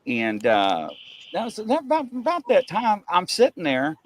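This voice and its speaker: A male host with a high, wildly swinging voice tells a camping story on a video call. He is excitable and laughs his way through the telling. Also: normal speed, a little hiss or hum. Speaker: show host. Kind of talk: animated storytelling chat.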